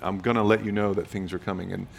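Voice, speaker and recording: A man's voice: sits low, little pitch movement, fast, gravelly. A man in his thirties or forties, an author guest talking reflectively and playfully in an interview, acting out quotes as he goes. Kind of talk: conversational interview.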